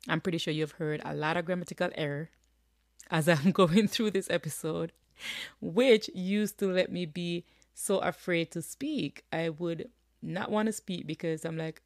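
A woman's voice: on the low side, steady tone, normal speed, no echo, clean studio sound. A woman from rural Jamaica with a Jamaican accent, hosting a podcast in a chatty, frank way with frequent tag questions. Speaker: podcast host. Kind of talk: casual podcast monologue.

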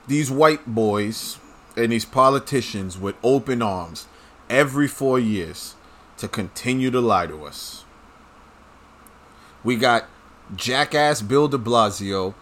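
A man's voice: medium pitch, lively intonation, slow, long pauses, fairly bright tone. A man talking straight to his audience in a casual, blunt and profane rant, full of strong opinions. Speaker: commentator. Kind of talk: casual ranting monologue.

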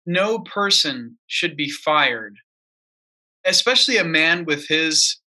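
High-voiced, emphatic ranting man. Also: expressive, slow pace, sharp tone. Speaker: podcast co-host. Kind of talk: casual political chat.

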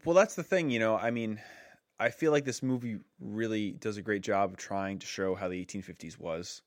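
Chatty low-voiced man on a podcast. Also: moderate pace, no room sound, studio quality. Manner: chatty, enthusiastic, loose with fillers. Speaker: podcast co-host. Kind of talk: casual podcast chat.

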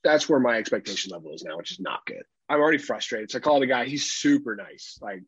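A husky-voiced man co-hosts a podcast, spinning stories in a casual way and putting on the voices of the people in them. He laughs easily and swears freely. The sound is dry and a bit dull. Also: medium pitch, quick pace, few pauses, no echo. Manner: animated, acts out other people's lines, laughs often, swears casually. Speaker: podcast co-host. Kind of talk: casual storytelling chat.

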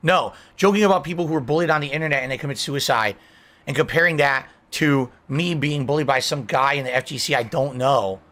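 Fast-talking, indignant man. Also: medium pitch, fairly bright tone. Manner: indignant, scolding viewers. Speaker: livestreamer. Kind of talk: livestream chat reading.

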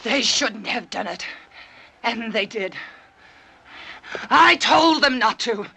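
A woman's voice: a little high, expressive, slow pace, creaky, sharp tone, breathy edge, exaggerated voice. An actress playing a frantic woman who raves and shrieks about breaking the people she cursed, in a dubbed film scene. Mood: raving.

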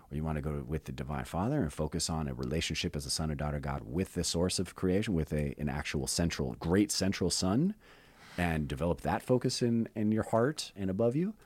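A man hosting a podcast, rambling in an animated, conspiratorial way in casual chat. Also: extremely low pitch, slightly rough, no room sound. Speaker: podcast host.

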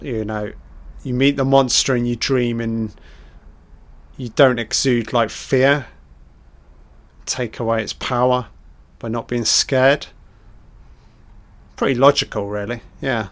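A man's voice: mid-range voice, a bit bright. Sweary man riffing on a film. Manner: sweary, jokey, acts out characters' lines. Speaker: film commentator. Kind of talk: casual film commentary.

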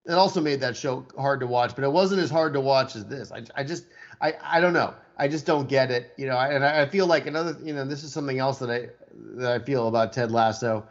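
A man's voice: mid-range voice, fast. A man living in Texas, chatting casually about television, blunt and opinionated, with stammering restarts. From Texas, USA. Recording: dull lo-fi sound.

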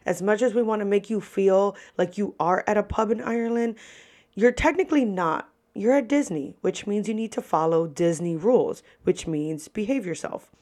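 Animated young woman telling server stories. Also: moderate pace. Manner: animated, profane, lively pitch swings. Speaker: podcast host and restaurant server. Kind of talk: casual storytelling.

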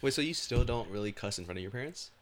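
A man's voice: medium pitch, lively intonation, quick pace. A young man co-hosting a casual podcast, chatting in a slangy way. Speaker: podcast co-host. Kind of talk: casual chat.

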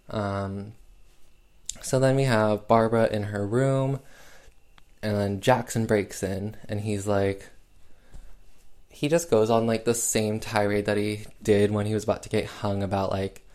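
A man with a lowish voice walks through a movie plot at an unhurried, drawling pace. He peppers it with filler words and dry, sarcastic asides. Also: darkish tone. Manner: sarcastic, filler-heavy with lots of "um" and "like". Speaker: film recap host. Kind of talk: casual film recap.

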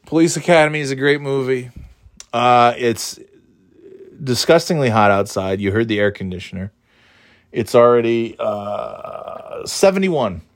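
A man's voice: mid-range voice, expressive, unhurried, no echo, clean studio sound. A tired, yawning man rambling sarcastically in a casual monologue, swearing freely and mocking himself. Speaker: vlogger.

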